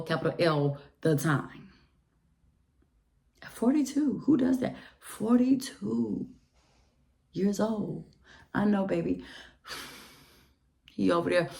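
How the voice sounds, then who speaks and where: Brief: gravelly, low-pitched woman in her thirties, candid storytime vlog, emphatic and indignant. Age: 30s. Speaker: vlogger.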